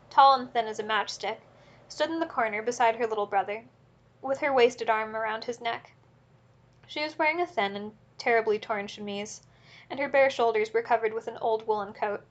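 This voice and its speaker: A woman narrating a classic novel as an audiobook in a steady, measured reading. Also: on the high side, dull audio.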